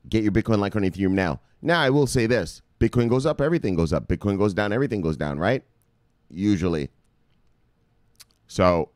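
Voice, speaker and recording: A man's voice: fairly low pitch, darkish tone, dry recording, clean studio sound. A man hosting a crypto video, talking in a casual, profane hype monologue and repeating words for emphasis.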